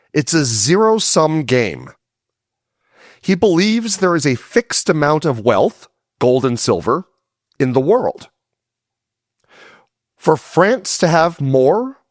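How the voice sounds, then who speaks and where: A man's voice: on the high side, no echo, studio quality. A man narrating a history series in a scripted but conversational way, with casual asides.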